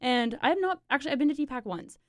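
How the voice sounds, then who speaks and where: A woman's voice: high-pitched, expressive, fast talker, no room sound. A young woman co-hosting a casual local-events podcast, playful and full of "like". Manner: playful, uses lots of "like". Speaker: podcast co-host.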